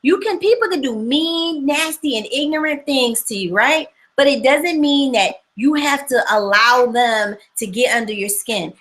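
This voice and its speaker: Bright, animated woman livestream host. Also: high voice, unhurried, hardly any pauses, rough recording. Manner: animated, chatty, repeats for emphasis. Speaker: livestream host reading viewer comments. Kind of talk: casual motivational livestream talk.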